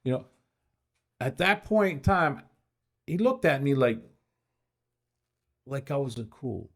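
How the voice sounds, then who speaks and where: A man's voice: medium pitch, animated, takes it slowly, fairly bright tone. A middle-aged man co-hosting a podcast, telling stories in casual chat and acting out quoted dialogue. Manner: storytelling, acts out quoted dialogue. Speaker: podcast co-host.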